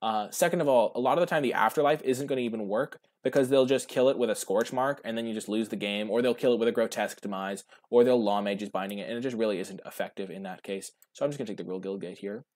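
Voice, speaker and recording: A man with a fairly low voice talks through his card picks in a loose, chatty way. He thinks aloud and stops now and then to answer his chat. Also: fast talker, hardly any pauses, darkish tone. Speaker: streamer. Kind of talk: casual draft commentary.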